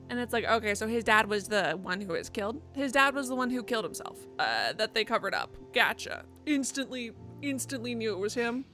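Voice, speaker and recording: A woman's voice: a little high, lively intonation, brisk, hardly any pauses, a bit bright, faint music behind. A woman streamer chatting and joking casually while playing a video game. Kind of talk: casual let's play commentary.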